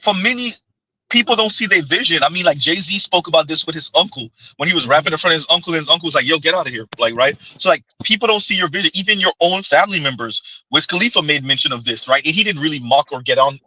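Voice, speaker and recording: A man hosts a casual call-in livestream, his speech quick and full of restarts. His voice sits a little high and sounds very bright and sharp. He rushes through points with lively energy. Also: slightly rough, poor audio. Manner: fast, animated, restarts words. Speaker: livestream host.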